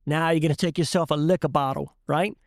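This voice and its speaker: A man's voice: on the high side, steady tone, fast, no room sound, clean studio sound, lightly acted. A man voicing a salt-of-the-earth Cajun shrimper who gives folksy, confident instructions in a Cajun accent.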